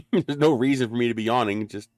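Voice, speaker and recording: A man hosting a live stream, chatting casually and teasing his viewers in a relaxed way. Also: medium pitch, a little fast, dry recording. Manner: relaxed, teasing banter with chat. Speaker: livestream host. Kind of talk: casual livestream chat.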